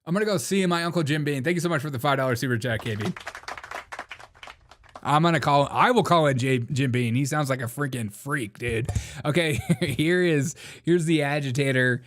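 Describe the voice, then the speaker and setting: A man's voice: mid-range voice, moderate pace, fairly bright tone, slight background noise. A man hosting a live-stream show, chatting casually in slang, laughing often and mocking the clips he plays.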